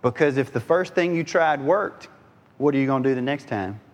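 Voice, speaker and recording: A man preaches to his congregation in a lively, conversational way, now and then putting on voices for the people in his story. His voice sits in the middle range. A long reverb trails every phrase, as in a big hall. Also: medium pitch, fairly quick. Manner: animated, dips into voices of disciples and Jesus. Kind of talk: sermon.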